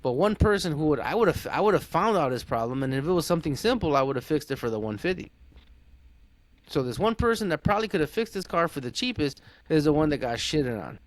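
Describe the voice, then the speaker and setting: A man's voice: on the high side, big pitch swings, fast, no room sound. A man, an automotive diagnostic technician, talking as a guest in a casual podcast conversation, blunt and emphatic, often restarting his sentences. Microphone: podcast microphone.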